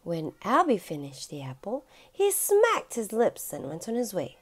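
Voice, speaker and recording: A mother reading a children's storybook aloud in a sing-song, drawn-out way. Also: mid-range voice, huge pitch swings. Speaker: mother reading to her son.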